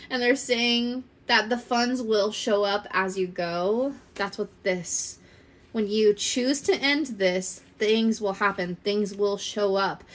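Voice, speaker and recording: A young woman giving a casual pick-a-card reading, chatty and rambling, laughing often. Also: a little high. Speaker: tarot card reader.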